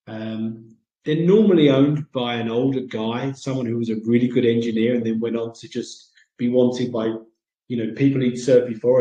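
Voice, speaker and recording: A man's voice: medium pitch, dark tone. Rambling British man in a roomy space. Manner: rambling, many ums and uhs. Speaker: segment host. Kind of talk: casual chat.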